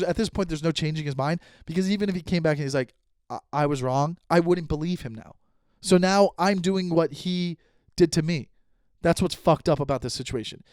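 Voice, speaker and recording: A man's voice: a little high, a little mellow, clear, resonant tone, no room sound, studio quality. A man hosting his own podcast, telling a story in a heated, swearing way and acting out both sides of an argument. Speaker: podcast host and stand-up comedian. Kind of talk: casual solo podcast storytelling.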